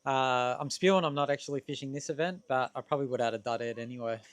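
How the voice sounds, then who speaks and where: A man's voice: medium pitch, quick pace, no room sound. An Australian man being interviewed, modest and a little shy about his first time on camera. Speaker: guest camera helper.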